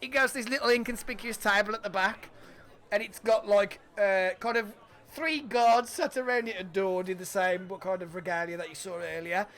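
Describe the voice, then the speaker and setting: A man narrating a tabletop game as game master, lively and laughing often. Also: high-pitched, moderate pace, a crowd in the background.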